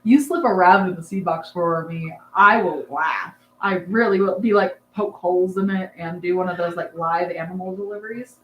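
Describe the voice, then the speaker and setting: A young woman with a lowish voice hosts a casual live chat at a moderate pace, rambling and chatty, full of "um"s and asides to viewers, and laughing along with the chat. The lo-fi recording comes from an echoey room with a faint hum in the background.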